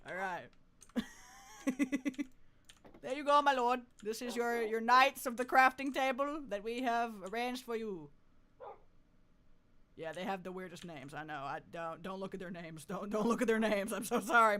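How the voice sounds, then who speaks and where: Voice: mid-range voice, moderate pace, bright, forceful tone. A streamer giving live gameplay commentary, playfully talking with mock deference and often laughing.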